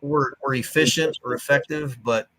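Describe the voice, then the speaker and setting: A man tells his stories bluntly and candidly, in the plain, direct talk of a former soldier. He sounds like a guest in a relaxed podcast conversation, and his voice sits at an ordinary middle pitch. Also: moderate pace. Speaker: guest, veteran organization leader.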